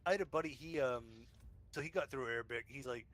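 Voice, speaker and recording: Bright-voiced joking man. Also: mid-range voice, quick pace, faint music behind. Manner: joking, swearing, self-mocking. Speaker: podcast co-host. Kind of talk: casual gaming chat.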